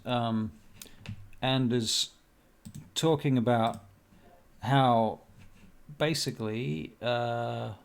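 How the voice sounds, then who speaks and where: A man narrating as game master in a tabletop role-play, pausing often with ums. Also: mid-range voice, steady tone, vocal fry, clear, resonant tone. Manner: hesitant, many ums.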